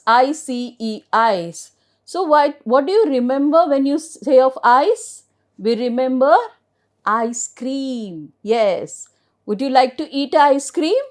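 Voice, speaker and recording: A middle-aged woman with an Indian accent teaching English phonics to children, spelling each word out letter by letter and answering her own questions. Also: high-pitched.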